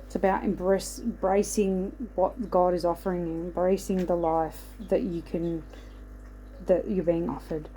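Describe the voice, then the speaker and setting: A woman speaking in a mellow, slightly low voice as she rambles through an oracle card reading. She keeps reassuring the listener and checking in with "okay?". A faint hum of noise sits behind her. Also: fairly even intonation, a little slow, poor audio. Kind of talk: casual spiritual card reading.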